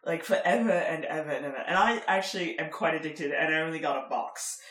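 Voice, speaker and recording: Bright-voiced chatty woman, echoey room. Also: low-pitched, a little fast. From Germany. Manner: chatty, laughs often, many fillers. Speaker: podcast co-host. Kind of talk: casual chat.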